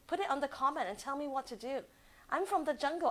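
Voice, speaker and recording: A woman hosting a casual live stream from a living room, excitable and giggly as she talks to the camera. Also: high-pitched, fast talker, rough recording.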